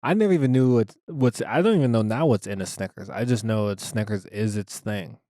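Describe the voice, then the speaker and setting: A man's voice: fairly low pitch, brisk, dark tone, no room sound, clean studio sound. Playful joking male comedian guest. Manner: playful, joking, swears casually. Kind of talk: casual chat.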